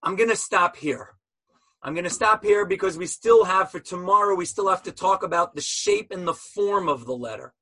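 A man's voice: sits high, normal speed, bright, forceful tone, husky, dry recording, rough recording. A man teaching an online class about Hebrew letters in a passionate style, full of rhetorical questions, heard over a video call.

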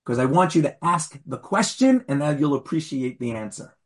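A rabbi leads an online class, pressing his students with pointed questions. His voice swings widely in pitch and carries a slightly husky edge, heard over a video-call mic. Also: moderate pace. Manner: challenging, Socratic, animated. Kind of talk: interactive online Torah class.

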